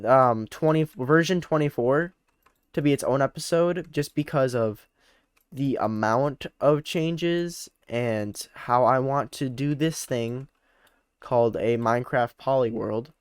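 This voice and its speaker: A man's voice: medium pitch, takes it slowly, smooth, no room sound, clean studio sound. Rambling young man narrating gameplay. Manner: rambling, self-correcting, repeats words. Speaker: let's play host. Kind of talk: casual gameplay commentary.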